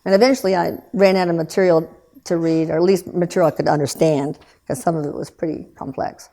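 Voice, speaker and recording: A woman in her sixties, a guest telling a painful personal story in an earnest, subdued way, halting with restarts and trailing pauses. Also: fairly low pitch, steady tone, creaky, mellow. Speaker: guest recounting loss.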